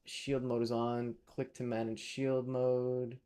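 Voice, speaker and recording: A man's voice: medium pitch, level tone, slow, warm tone, clear, resonant tone. A man, live-streaming while he codes, thinking aloud and chatting with viewers in a casual way.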